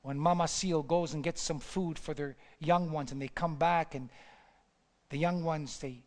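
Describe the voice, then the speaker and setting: A man preaches with a high, ringing voice. His phrases come back again and again for emphasis and rise to fervent peaks. The sound carries the long reverb of a large church hall. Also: steady tone, unhurried. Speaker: pastor. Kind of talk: sermon.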